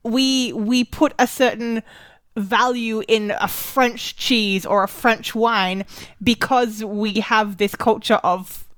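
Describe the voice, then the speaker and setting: A woman's voice: on the high side, fairly even intonation, slow pace, a bit bright, no echo. A woman leading a casual book club discussion, talking loosely with many fillers and restarts. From Australia.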